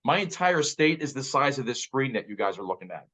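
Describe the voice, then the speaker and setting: A man's voice: medium pitch, big pitch swings, brisk, a bit bright. A man in his fifties giving an emphatic motivational talk as a real estate director, repeating key phrases. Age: 50s. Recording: slightly muffled audio.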